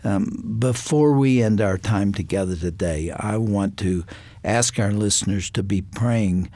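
Deep, mellow radio host voice. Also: measured pace, no room sound. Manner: gentle, encouraging, prayerful. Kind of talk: interview on a radio broadcast.

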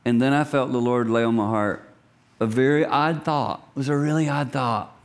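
A middle-aged man preaches with an animated, conversational energy. He swings from raised lines down to near-whispers and slips into acted voices. His pitch sits in a middle range. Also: normal speed. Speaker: pastor. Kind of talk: sermon.

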